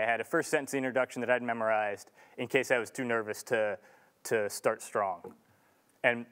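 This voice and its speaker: A man's voice: mid-range voice, a bit bright. A young man giving an earnest, casual talk to an audience in a large lecture room, with restarts and filler ums. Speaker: student speaker.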